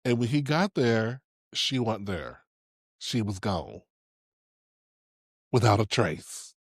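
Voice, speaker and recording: A man with a lowish, slightly rough voice talks slowly in clean studio sound with no room noise. Co-hosting a podcast, he chats casually and tells stories with animation and lots of laughs.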